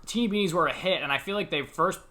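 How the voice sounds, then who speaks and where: A man in his thirties from the United States, co-hosting a podcast and telling childhood stories in a lively, laughing way, acting out the voices in them. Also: fairly high pitch, rapid-fire. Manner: animated, laughing, acts out quotes. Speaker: podcast co-host. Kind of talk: casual storytelling chat.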